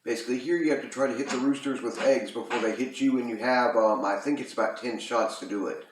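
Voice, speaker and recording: A man's voice: mid-range voice, quick pace, slight background noise. A man casually reviewing a retro video game, rambling with lots of ums and uhs. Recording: roomy echo.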